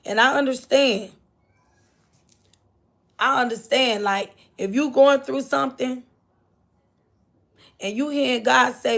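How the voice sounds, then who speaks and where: Gravelly older woman preaching faith. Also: high-pitched, a little slow, pauses often. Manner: preachy, repeats phrases, greets viewers. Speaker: livestream host. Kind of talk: inspirational faith talk to viewers.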